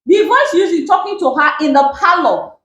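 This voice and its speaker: A woman with a Nigerian accent giving relationship advice on a talk show, animated and emphatic and repeating her points. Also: very high voice, a little fast. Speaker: relationship guest. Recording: roomy echo.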